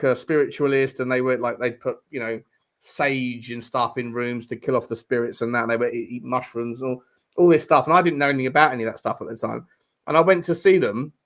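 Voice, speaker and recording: A man streaming live, telling rambling stories in casual banter and swearing freely. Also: mid-range voice. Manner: swears freely, tells stories with lively quoted voices.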